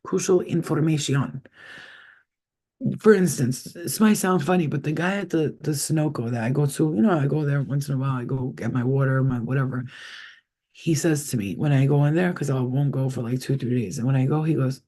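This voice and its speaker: A man's voice: medium pitch, fairly quick, mellow. A man, a psychic reader, chatting casually with his viewers on a live stream, rambling and swearing freely.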